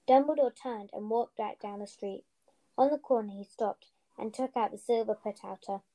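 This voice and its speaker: Woman reading aloud, mellow tone. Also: a little high, low-quality recording. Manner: steady storytelling, occasional slips. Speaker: podcast co-host, reader. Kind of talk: reading a children's novel aloud.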